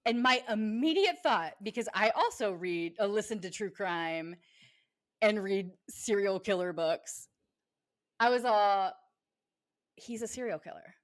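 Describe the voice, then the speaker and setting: A woman's voice: medium pitch, unhurried. A woman co-hosting a book podcast, giggling and chatting casually. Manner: giggly, animated, reads listener messages aloud. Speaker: podcast co-host. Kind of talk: casual chat.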